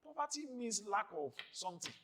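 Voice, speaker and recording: A man, a pastor preaching a sermon on marriage in an emphatic, repetitive style with rising and falling loudness. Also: high voice, very animated, fairly quick.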